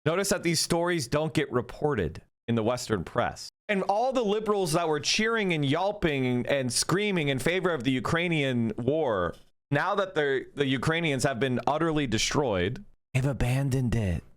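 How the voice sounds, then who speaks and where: A man's voice: fairly high pitch, expressive, normal speed. A man hosting a stream, reading news aloud and ranting sarcastically in casual political commentary, with some swearing. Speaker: streamer host.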